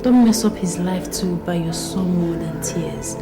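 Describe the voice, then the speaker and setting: An actress playing a caring woman who soothes and firmly encourages her friend, in film audio under loud music. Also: fairly low pitch, measured pace, echoey room, close to an everyday voice. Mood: firm encouraging. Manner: soothing, then firm and encouraging.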